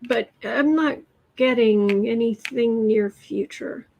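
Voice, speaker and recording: A tarot reader with a slightly high, slightly mellow voice and vocal fry speaks slowly on a low-quality recording. Reading political tarot cards on a livestream, she rambles hesitantly, with frequent ums and restarts, and addresses viewers directly.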